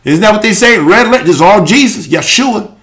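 A man hosting a live show, preaching and reading scripture with fervor, often breaking into shouts. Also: high-pitched, lively intonation. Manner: fervent, often shouting, rapid swings into loud exclamations. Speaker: host and preacher.

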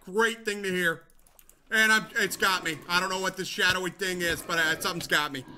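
A young man giving excitable let's-play commentary, talking to viewers, repeating himself and yelling when things go wrong. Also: high voice, quick pace, a little hiss or hum. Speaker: gaming channel host.

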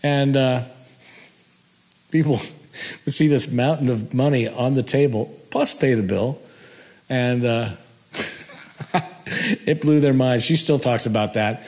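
A man's voice: medium pitch, fairly even intonation, measured pace, creaky, pauses often, darkish tone. A man telling a rambling personal story in a casual way, chuckling now and then. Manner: rambling, laughing, restarts. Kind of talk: casual spoken recollection.

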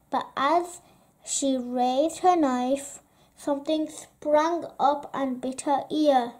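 A woman reads a children's picture book aloud as gentle storytelling. Her voice sits high and light. She reads very slowly and gives each phrase plenty of room. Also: little pitch movement.

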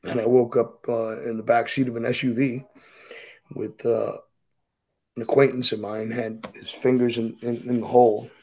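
A middle-aged man tells his story bluntly, swearing freely. His voice is gravelly, with a husky rasp. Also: mid-range voice, level tone, normal speed, mellow, low-quality recording. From Boston. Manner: blunt and heavily profane. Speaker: podcast guest. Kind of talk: candid storytelling interview.

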